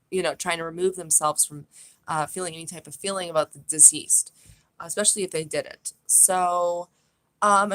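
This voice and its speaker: A woman's voice: on the low side, fairly bright tone. A woman vlogging a true crime monologue, blunt and profane, with a scornful, opinionated way of talking.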